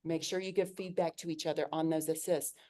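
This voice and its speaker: Mellow-voiced woman directing a yoga class. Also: sits low, level tone, brisk. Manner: brief, practical instructions. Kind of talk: giving practice directions to a class.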